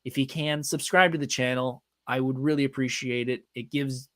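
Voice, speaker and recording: A man's voice: medium pitch, fairly even intonation, moderate pace, fairly bright tone, dry recording. A man in his thirties hosting a live podcast, telling a personal story earnestly and acting out the conversations. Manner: earnest, retells with quoted dialogue. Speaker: podcast host. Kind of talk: live-streamed storytelling monologue. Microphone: desk microphone, live stream.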